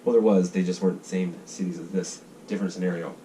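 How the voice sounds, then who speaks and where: A man from the United States talks in a loose, rambling monologue, swearing freely and slipping into mock voices. His voice sits low and dark. He is picked up from a distance, with faint noise behind. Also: fairly even intonation, quick pace. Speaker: vlogger sketching ideas.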